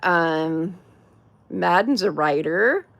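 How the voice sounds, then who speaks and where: A woman's voice: on the low side, animated, drawn-out words, gravelly, a bit bright, no room sound. A middle-aged woman from California hosting a casual livestream, chatting, laughing often and greeting viewers by name. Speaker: host.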